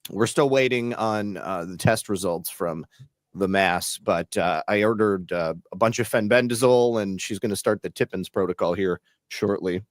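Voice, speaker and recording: A man co-hosting a show, chatting casually in a plain, unhurried, tired way. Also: sits low, no echo, clean studio sound. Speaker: show co-host. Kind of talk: casual chat.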